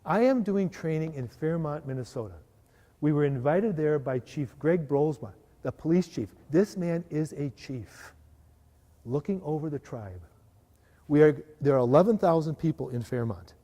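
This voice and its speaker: Man, workshop trainer, mellow voice, slightly high pitch, long hall reverb. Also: moderate pace. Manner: lively, asks the audience for agreement. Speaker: trainer giving a parish workshop. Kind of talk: live workshop talk.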